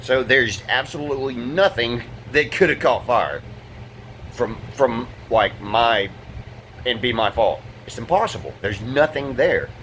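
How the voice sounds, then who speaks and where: Standing in his burned-out apartment, the vlogger rambles angrily about the fire damage, swearing a lot and backing up to restart sentences. His mid-range voice is a bit bright, with lively intonation and a measured pace, plus a faint hiss or hum.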